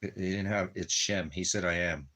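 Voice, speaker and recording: Deep husky guy rambling at home, baby-talks his dog over and over then gets preachy. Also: steady tone, normal speed, pushed and bright. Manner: preachy about religion. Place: at home in the desert.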